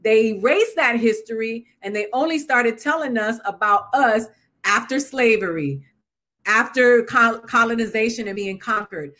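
A woman hosting a casual comedy podcast, blunt and heavy on profanity. She sounds impassioned, with a voice on the higher side. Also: normal speed, pushed and bright. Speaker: podcast host.

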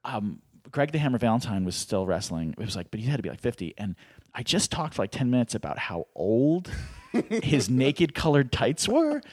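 Middle-aged male guest, lively storyteller with a very dynamic voice, self-deprecating, slips into voices, dry close sound. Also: medium pitch, normal speed, no room sound. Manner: animated, acts out voices while telling stories. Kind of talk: casual storytelling.

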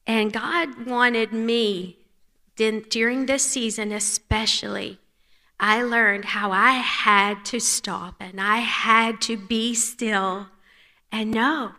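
Slow, bright-voiced Southern woman. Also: a little high, steady tone. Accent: North Carolina Southern US. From North Carolina, USA. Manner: earnest and gentle, often dropping soft. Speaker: women's conference speaker. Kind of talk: devotional talk. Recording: reverberant church hall.

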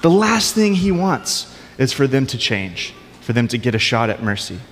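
Pastor, male, relaxed conversational preaching with humor, sanctuary reverb. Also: mid-range voice, moderate pace, a little hiss or hum. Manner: conversational, informal with light humor. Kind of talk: sermon. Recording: long hall reverb.

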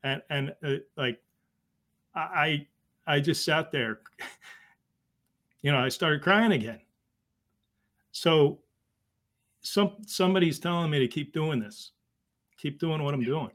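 A man, telling a personal story as a guest, halting and emotional with many restarts. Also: on the high side, a bit bright. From Boston area. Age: 50s. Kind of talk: conversational storytelling.

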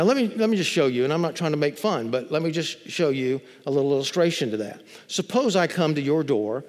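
A man's voice: a little high, in a large hall. A man preaching a sermon as pastor, stretching key words and building to emphatic, repeated phrases. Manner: emphatic, drawn-out preaching with rising intensity and repetitions. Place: church sanctuary.

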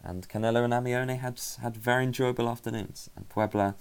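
A man's voice: mid-range voice, fairly even intonation, a little fast, smooth. A man hosting a solo football podcast, talking casually and analytically, often stopping to correct himself. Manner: conversational, self-correcting, analytical. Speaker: podcast host.

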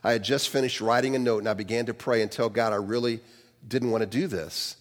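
A man's voice: medium pitch, fairly even intonation, a little fast, in a large hall, natural voice. A man voicing a desperate, tearful woman on the phone who sounds pleading and shaken.

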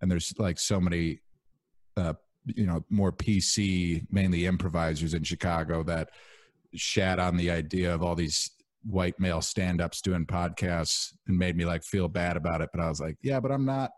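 Brief: young male podcast host, deep voice, loose rambling chat, dry close mic. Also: normal speed, dry recording. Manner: relaxed, rambling, full of fillers.

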